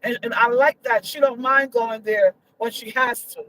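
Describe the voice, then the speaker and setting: A woman's voice: on the high side, fairly even intonation, normal speed, pushed and bright, a little hiss or hum, poor audio. A woman giving her opinions in a casual vlog, emphatic and repetitive, her voice leaping up when she gets indignant. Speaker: vlogger.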